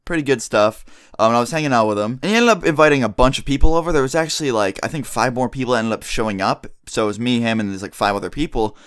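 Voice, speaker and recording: A man's voice: medium pitch, fast talker, a bit bright, clear, resonant tone. A young man telling a story to his viewers in a casual, rambling way, swearing often and saying "like" a lot. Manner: rambling and profane, heavy use of "like". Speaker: vlogger.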